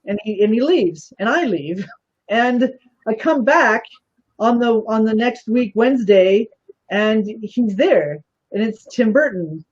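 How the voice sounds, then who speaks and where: A woman's voice: on the high side, animated, a little slow, a little mellow, breathy edge, highs cut off. A woman guest telling a story in casual talk, animatedly acting out the voices of the people she quotes.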